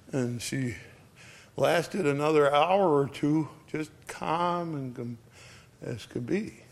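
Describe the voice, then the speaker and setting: An older man speaking plainly and gently, telling stories about death and dying with many pauses. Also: mid-range voice. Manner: folksy, plain-spoken, gentle with frequent pauses. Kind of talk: casual storytelling talk.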